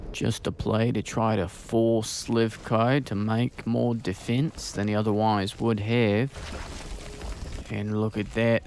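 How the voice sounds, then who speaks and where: A man casting a game in a soft, hushed commentary voice. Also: on the low side, slight background noise. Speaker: game caster. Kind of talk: quiet esports commentary.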